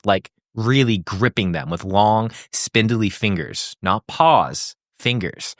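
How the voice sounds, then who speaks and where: A man's voice: deep voice, no room sound, clean studio sound. A man hosting a podcast, telling a spooky tale in a casual way, swearing and laughing at his own lines. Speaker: podcast host telling the story.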